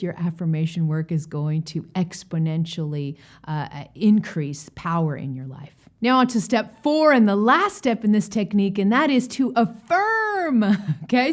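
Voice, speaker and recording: Female wellness coach, mid-range voice, slow and deliberate delivery, repeats for emphasis. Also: mid-range voice. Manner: calm, deliberate, repeats key words for emphasis; checks in with frequent "okay?". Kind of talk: instructional video lesson.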